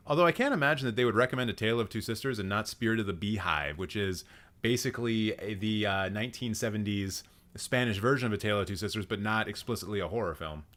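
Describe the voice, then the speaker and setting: A man's voice: fairly low pitch, fast, a bit bright. A man hosting a live stream, giving blunt, sarcastic commentary and swearing freely. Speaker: host.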